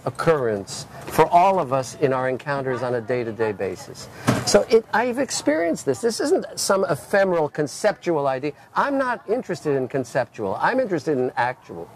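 An older man, a gallery owner, talking over lunch in a casual conversation, full of animated stories and frequent restarts. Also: a little high, normal speed, a little hiss or hum.

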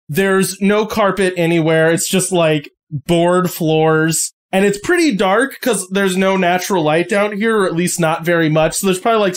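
A man narrating a tabletop game as game master, casual and rambling with lots of fillers. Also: high-pitched.

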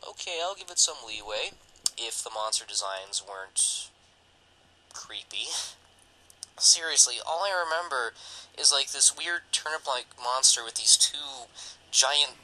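A man's voice: medium pitch, a little slow, low-quality recording. A man co-hosting a casual film podcast, recapping a movie plot with jokes and frequent giggles. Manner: joking, giggly, animated recapping. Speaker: podcast co-host.

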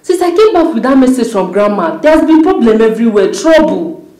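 An exasperated woman, pleading and repeating herself on a phone call in a drama. Her voice is fairly high and swings widely up and down. The sound is very echoey and caught from well away from the mic. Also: very animated, a little fast, dark tone. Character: pleading young woman arguing with a relative on the phone. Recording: very echoey room from a distance.

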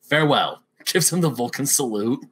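A young man with a fairly low voice, chatting casually as a podcast co-host. He retells favorite scenes animatedly and slips into playful voices for quoted lines. A faint background hum runs under his talk. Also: normal speed, a bit bright. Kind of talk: casual chat.

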